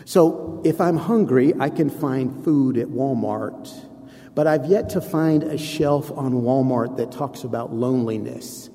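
A pastor preaches to his congregation in an unhurried, mid-range voice with a dark tone. He keeps it conversational, tossing playful asides to listeners, and the hall adds long reverb.

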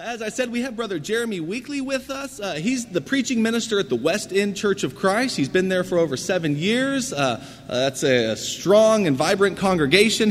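A man leading a church service, making announcements and introducing the guest preacher in a friendly, halting way with frequent fillers. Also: sits high, a little hiss or hum. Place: church sanctuary. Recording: church hall reverb with faint ambience.

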